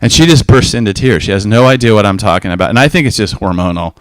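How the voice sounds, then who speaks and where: A man's voice: lowish voice, lively intonation, fast talker, no echo. Conversational man, dry close sound. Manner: conversational, storytelling, acts out quoted voices. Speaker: speaker giving a talk. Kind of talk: informal teaching talk.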